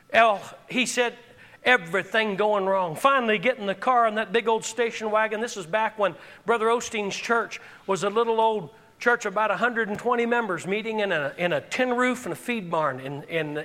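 A man preaching a sermon in an impassioned, exhorting manner, swinging between shouted calls and hushed tones. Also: sits high.

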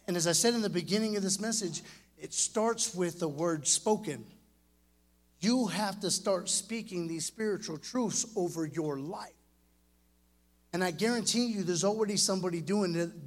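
A middle-aged man preaching an earnest, animated sermon to young people as a youth preacher. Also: sits high. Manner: earnest and animated, speaking directly to the kids.

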